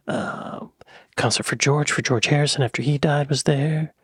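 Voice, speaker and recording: A man hosting a reaction video. He talks in a playful, joking way and often drops into soft whispered asides. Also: on the high side, steady tone, moderate pace, husky, dry recording, studio quality. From United States. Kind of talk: casual reaction commentary.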